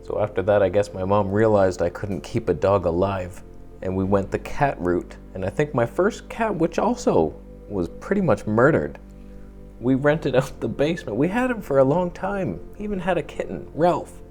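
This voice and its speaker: A man's voice: lowish voice, expressive, moderate pace, darkish tone, faint music behind. A young man chatting casually to camera, telling rambling, jokey stories and swearing now and then. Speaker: vlogger.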